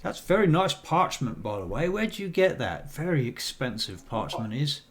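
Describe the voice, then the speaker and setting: A man's voice: on the high side, sing-song, normal speed. A man voicing a chatty, rambling town guard corporal in a tabletop role-play, with a folksy, gossipy manner.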